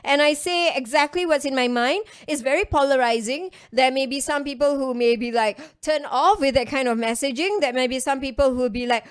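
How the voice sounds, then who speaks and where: A woman's voice: sits high, a little fast, few pauses. A woman with a Singaporean English accent gives a chatty coaching talk to an online class, stressing points by repeating phrases.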